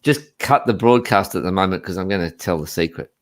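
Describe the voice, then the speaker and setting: A man's voice: low-pitched, lively intonation, fairly quick. A middle-aged man chatting as a guest on a live video call, rambling and laughing easily. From Australia. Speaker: guest, coach. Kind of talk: casual chat on a live stream.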